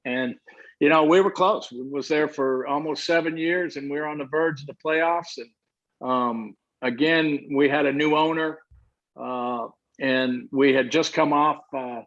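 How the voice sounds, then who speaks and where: An older man telling baseball stories with lively energy, bouncing between voices as he acts out conversations. His voice sits a little high for a man, and the sound is muffled and lo-fi. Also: a little slow. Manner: animated storyteller acting out dialogue. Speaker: former baseball manager, guest. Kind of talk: storytelling interview answers. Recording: muffled lo-fi audio.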